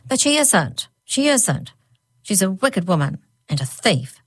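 A woman reading a gentle, soft-voiced queen and mother in a storybook. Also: medium pitch, expressive, moderate pace, no echo, voice pushed up, lightly acted.

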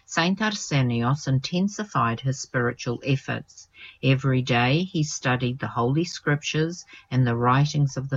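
A narrator reading the life of a saint aloud in a measured, reverent way, with a few small slips. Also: medium pitch, muffled recording.

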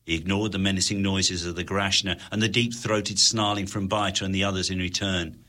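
A man narrating an adventure story in an expressive, dramatic way. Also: low voice, fairly quick. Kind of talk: audiobook narration.

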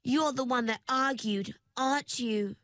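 Storybook wraith, male, raspy and nosy, drawls smugly at an unhurried pace, as a woman reader puts him on. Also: fairly high pitch, fairly bright tone, dry recording, pitched above the performer's own voice. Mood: whining. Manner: slow, drawling, self-satisfied. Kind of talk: storybook narration.

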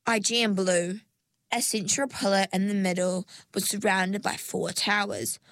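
A woman narrating a storybook in an unhurried, expressive way. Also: mid-range voice, dry recording. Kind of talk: storybook reading.

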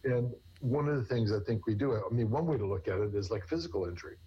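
A man's voice: lowish voice, expressive, fast, husky. A man, a therapist, answering interview questions at length in a rambling way, often restarting with repeated words. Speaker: therapist guest. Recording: dull lo-fi recording.

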